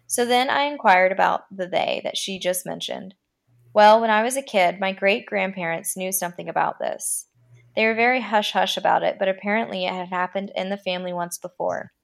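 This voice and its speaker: With a gravelly, mid-range voice, a female podcast host performs a horror story, dramatizing it and easing the pace on the eerie lines.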